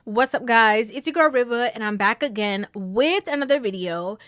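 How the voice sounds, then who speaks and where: A woman hosting a casual commentary vlog, animated, often breaking into laughter and tossing in a questioning "okay?". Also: fairly high pitch, moderate pace. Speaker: vlog host.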